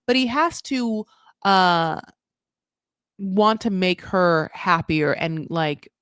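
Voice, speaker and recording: A young woman recapping a reality show in casual, animated commentary, swearing freely and acting out what the people said. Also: fairly low pitch, takes it slowly, clean tone, no room sound, clean studio sound. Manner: chatty, animated, swears, acts out quoted voices.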